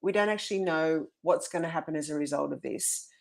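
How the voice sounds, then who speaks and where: A woman with a somewhat low voice talks earnestly as a coach for mothers, carrying a story along in a relaxed conversational way. Her voice sounds a touch husky today, and she often circles back to restart a thought. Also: a little fast. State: slightly husky voice this morning.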